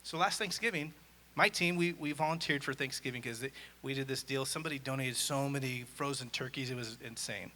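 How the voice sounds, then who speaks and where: A man giving a conference talk on stage, an energetic storyteller who acts out dialogue. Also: medium pitch, brisk, slight background noise. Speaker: conference speaker. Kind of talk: live presentation talk. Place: on stage in a large hall. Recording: echoey hall.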